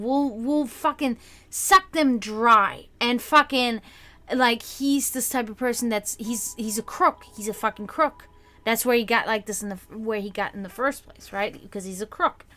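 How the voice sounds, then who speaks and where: A young woman hosting a livestream talks casually to her chat, ranting in frustration and swearing frequently. Her voice is on the high side with a sharp tone.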